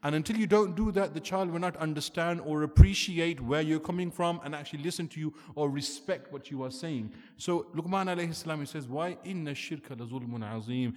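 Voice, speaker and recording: A man's voice: on the high side, brisk, hardly any pauses. A man preaching an earnest, emphatic sermon, asking rhetorical questions as he lectures. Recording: long hall reverb.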